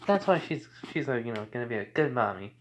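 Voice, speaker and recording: A man voicing a small, timid young girl in a high, soft voice. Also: expressive, fast, slight background noise, lightly acted. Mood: meek.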